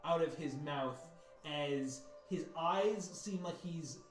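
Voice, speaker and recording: A man narrating as game master, animated, breaking into loud sound effects and voices. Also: on the high side, takes it slowly. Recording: roomy mic with background music. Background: faint music.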